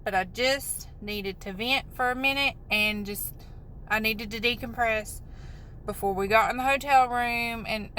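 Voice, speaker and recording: A woman's voice: on the high side, a little slow, bright, forceful tone, slight background noise, low-quality recording. A woman venting in a rambling, upset, apologetic way in a vlog, recorded on a phone in a parked car. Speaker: vlogger.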